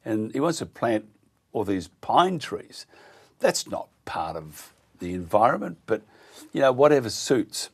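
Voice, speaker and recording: A middle-aged man with an Australian accent, hosting talk radio in an indignant, halting way with many fillers. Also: mid-range voice, very animated, husky.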